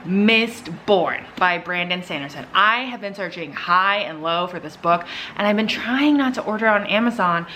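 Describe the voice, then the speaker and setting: A young woman chatting excitedly in a casual reading vlog from home. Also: on the low side, moderate pace, a little hiss or hum. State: out of breath. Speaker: vlogger.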